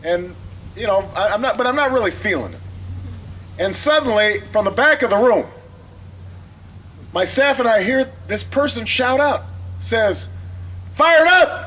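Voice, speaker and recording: A political candidate telling an anecdote at a campaign rally, in an easy storytelling manner that builds to a rousing call-and-response. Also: male voice, high-pitched, lively intonation, normal speed, long pauses, a bit bright, slight background noise, poor audio.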